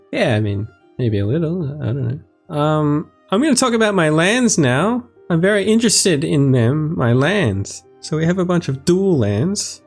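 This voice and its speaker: A young man hosting a casual, jokey card game deck review, irreverent and profane with quick comic asides. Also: a little high, very animated, soft background music. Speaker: host.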